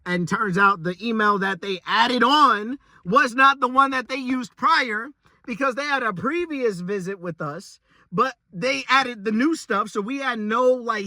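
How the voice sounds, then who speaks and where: A young man venting about a rough day at work in a rambling, exasperated casual vlog rant, often stumbling and repeating himself. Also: extremely high pitch, sharp tone, no room sound, studio quality.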